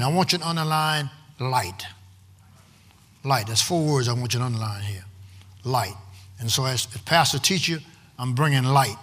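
A man preaching a sermon as pastor, calling out to his congregation and stretching out emphatic, shouted lines. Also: mid-range voice, expressive, moderate pace, long pauses. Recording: long hall reverb, faint room noise.

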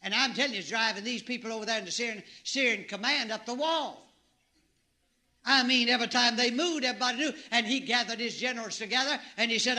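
A middle-aged man preaching a sermon, telling the story in an animated way and breaking into shouts and exclamations. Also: extremely high pitch, fast talker.

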